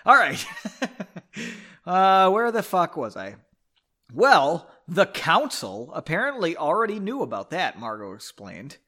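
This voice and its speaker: A man's voice: fairly high pitch, wildly swooping pitch, unhurried, bright, forceful tone. A man from the United States, reading a book aloud casually while drinking whiskey, breaking off into rambling, swearing asides. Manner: rambling, swears and comments between passages. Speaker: reader of a book.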